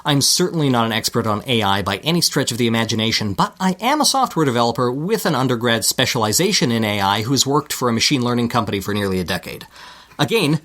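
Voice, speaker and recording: A man's voice: medium pitch, expressive, fast, a bit bright. A man with a Canadian accent, a podcast co-host reading a scripted segment with dry, self-deprecating asides.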